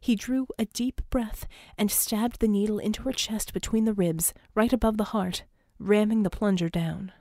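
A woman reads a tense story aloud with dramatic force, lifting to shouts and falling to breathy sobs as the characters demand. Her voice sits at a middle pitch, recorded close and dry with no room sound. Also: steady tone, normal speed, few pauses, no room sound. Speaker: audiobook narrator. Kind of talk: scripted narration.

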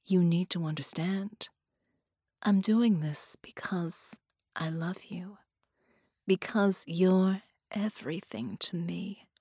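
Lady doing a low sultry whispery shapeshifter villainess, slow and creepy-sweet, dry close sound. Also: animated, a little mellow, husky, dry recording, full character voice. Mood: sultry menacing. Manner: slow, menacing tenderness. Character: sultry, possessive female shapeshifter captor. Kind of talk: audiobook character voice.

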